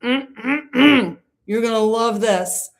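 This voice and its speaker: A woman's voice: a little high, very slow. A woman putting on a syrupy, patronizing female lawyer who coaxes a client in a mockingly sweet, sing-song way. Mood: mock-sweet.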